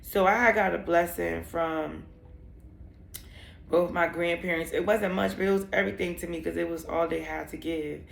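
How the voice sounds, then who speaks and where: A woman's voice: lowish voice, steady tone, normal speed, vocal fry, echoey room. A young woman telling a personal story in a vlog, candid and emotional, rambling with many fillers. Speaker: vlogger.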